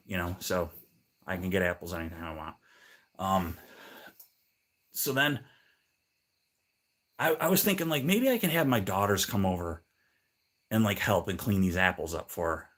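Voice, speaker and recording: A man's voice: fairly low pitch, a bit bright. A middle-aged man hosting a livestream, telling a rambling, annoyed story in casual chat and acting out both sides of the conversation. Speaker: livestream host.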